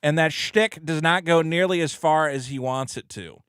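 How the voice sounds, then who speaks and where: A man's voice: fairly high pitch, normal speed, a bit bright, clean tone, dry recording. A man co-hosting a podcast, ranting brashly and profanely in casual comedic chat. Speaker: podcast co-host.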